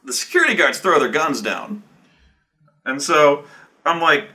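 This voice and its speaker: A man's voice: fairly high pitch, big pitch swings, unhurried, bright, forceful tone. A man recounting a tabletop game session as game master, rambling and profane, with restarts and acted-out quotes from the players. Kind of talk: casual profane storytelling.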